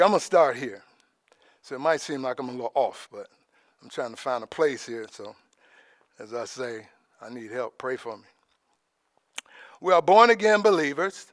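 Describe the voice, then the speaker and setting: A man giving an informal, conversational sermon as preacher, dropping in praise asides and trailing off softly. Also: sits high, no echo, clean studio sound. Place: church in Alaska.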